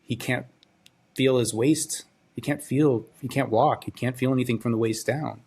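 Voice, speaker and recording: A young man hosting a podcast, telling a personal story in a halting, subdued, grieving way, often trailing off and repeating words. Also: medium pitch, fairly even intonation, gravelly, a little mellow, slightly rough. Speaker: podcast host.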